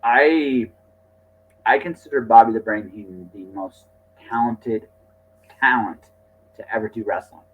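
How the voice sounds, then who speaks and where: A man's voice: fairly low pitch, a little slow, long pauses. A man in casual conversation, talking animatedly and repeating words as he jumps in with his opinions. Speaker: podcast co-host or guest. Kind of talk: casual chat. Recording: dull lo-fi audio.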